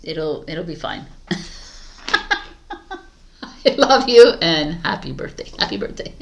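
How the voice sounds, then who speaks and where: A woman reading tarot in vlog bloopers, giggling and flustered, stumbling and restarting, with quiet asides under her breath. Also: low voice, very animated, slow, vocal fry. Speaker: tarot reader.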